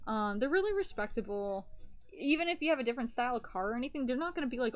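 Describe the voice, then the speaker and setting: A woman's voice: a little high, lively intonation, quick pace. Blunt, foul-mouthed woman streamer. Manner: blunt, profane, gossipy storytelling. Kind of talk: casual chat while sewing a plushie.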